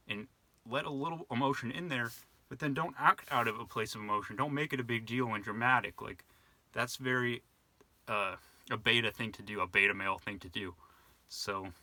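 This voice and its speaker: Young man, vlog monologue, very bright tone, dry close sound, lowish voice, rambling. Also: no echo. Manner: rambling, reflective, many fillers and restarts. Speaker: vlogger. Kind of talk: casual monologue to camera.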